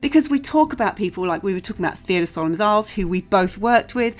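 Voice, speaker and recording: A woman's voice: mid-range voice, lively intonation, fast talker, faint music behind. A woman hosting a podcast interview, chatty and friendly, laughing easily. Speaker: podcast host.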